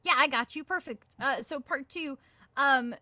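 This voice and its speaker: Bright, chatty woman voice actress. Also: high voice, measured pace, no echo. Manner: chatty, lots of "like" and "um" fillers, acts out her own quoted thoughts. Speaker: guest voice actress. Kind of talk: casual interview answers.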